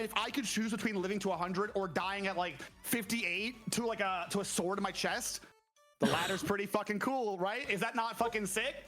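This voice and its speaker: A man streamer rambles and jokes through casual banter, sometimes breaking into loud outbursts. His voice is bright and swings widely in pitch. Faint music sits underneath.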